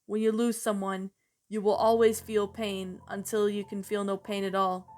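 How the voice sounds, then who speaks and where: A woman voicing a grieving mother who speaks in a sorrowful, quiet way. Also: mid-range voice, flat delivery, normal speed, close to an everyday voice.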